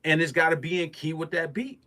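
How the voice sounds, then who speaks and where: A man talking straight to camera about making music, hammering each point home in loose street slang. His voice sits a little high for a man, and he comes across as a producer lecturing the younger crowd. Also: brisk, pushed and bright. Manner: emphatic and preachy, street slang. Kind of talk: casual talking-head monologue.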